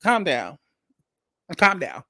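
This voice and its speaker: A man in a loose, animated vlog rant about reality TV, swearing freely and circling back over his points. His voice sits a little high for a man and sounds close and dry, with no room around it. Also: slow, no room sound. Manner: animated, profane, repetitive, rambling. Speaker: reality TV reviewer. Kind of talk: casual commentary rant.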